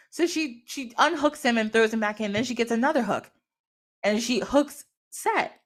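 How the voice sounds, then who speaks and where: Animated woman retelling a myth. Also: on the high side, moderate pace. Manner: animated, laughs often, acts out quotes. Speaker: podcast guest or host. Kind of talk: casual chat retelling a myth.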